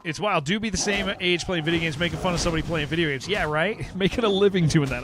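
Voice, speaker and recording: A man's voice: a little high, quick pace, background noise. A man streaming a game, chatting casually with viewers in a rambling, joking way and laughing often. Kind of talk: casual livestream chat while playing.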